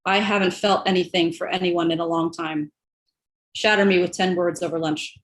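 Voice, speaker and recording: Woman reading her poem quietly on a video call, kinda low voice. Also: fairly even intonation, moderate pace. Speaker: poet at open mic.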